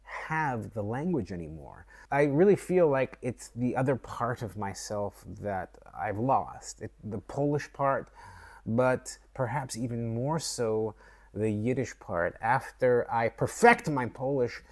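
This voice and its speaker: Slow, thoughtful Canadian-born man. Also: mid-range voice, animated, a little mellow. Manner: slow, thoughtful, with fillers and restarts. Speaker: vlogger. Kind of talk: reflective talk to camera.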